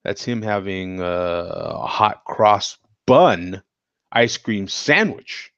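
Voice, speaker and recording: A man from the United States hosting a casual chat show, reacting to viewer comments with frequent laughs and animated exclamations. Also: sits low, slow pace, gravelly, no echo. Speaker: show host. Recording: dull, dry lo-fi sound.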